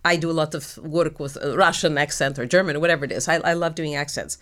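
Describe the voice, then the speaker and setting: A middle-aged actress chatting as an interview guest, telling animated stories and laughing often. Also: female voice, low-pitched, fast. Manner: animated storytelling with frequent laughs. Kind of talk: casual interview chat.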